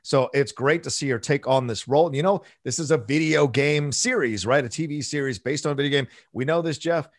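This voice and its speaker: A man's voice: medium pitch, a little fast, hardly any pauses, dry recording, studio quality. A man guest on a film podcast, talking with passion and emphasis. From Latino (US). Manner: passionate, emphatic, preachy asides. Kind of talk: casual podcast chat.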